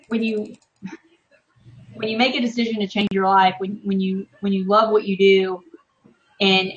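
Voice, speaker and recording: A woman's voice: medium pitch, lo-fi sound. A woman in her thirties, a guest on a casual live-stream interview, talking with passion and emphasis and swearing freely. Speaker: interview guest, online business marketer. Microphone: video call.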